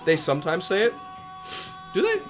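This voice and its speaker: A man's voice: sits high, wildly swooping pitch, normal speed, music in the background. A man from Rhode Island chatting casually with viewers on a livestream, rambling and joking with a fair amount of profanity. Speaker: streamer.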